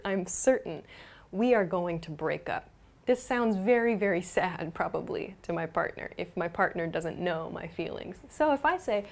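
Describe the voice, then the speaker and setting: A woman explaining English grammar in a patient, clear lesson, with frequent small fillers. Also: medium pitch, darkish tone. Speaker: English teacher.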